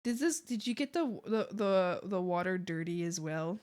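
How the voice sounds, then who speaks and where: A woman's voice: fairly low pitch, expressive, normal speed, a little mellow. A young woman streaming live, chatting casually and giggling often as she talks to her viewers and to the animals on screen.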